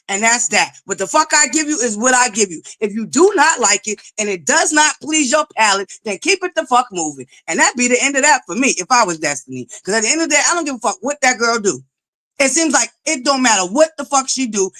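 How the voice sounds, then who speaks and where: A woman's voice: high voice, a bit bright. A woman hosting her own commentary channel, ranting in an exasperated, profane, emphatic way, often stammering and restarting. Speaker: commentary vlogger. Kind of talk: heated reality TV commentary rant.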